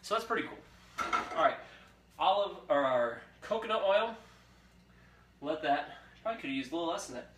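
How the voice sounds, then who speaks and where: A young man hosts a casual live cooking show, chatty and upbeat as he talks straight to his viewers. His voice sits a little high and comes across bright and forceful. The kitchen is echoey, with a faint sizzle behind him. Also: animated, normal speed, long pauses, a little hiss or hum. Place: home kitchen.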